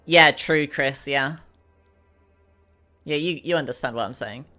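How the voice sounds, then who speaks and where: A woman streamer with a naturally low voice, chatting self-consciously with many fillers while recording lines. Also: unhurried, bright, forceful tone, soft background music.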